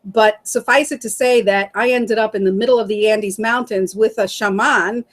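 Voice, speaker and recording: A middle-aged woman telling her story as an interview guest, animated and laughing often as she acts out what others said. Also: mid-range voice, normal speed.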